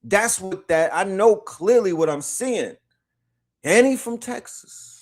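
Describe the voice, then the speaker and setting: A man's voice: sits high, expressive, takes it slowly. A man giving slangy, conversational commentary on a clip. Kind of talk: casual commentary.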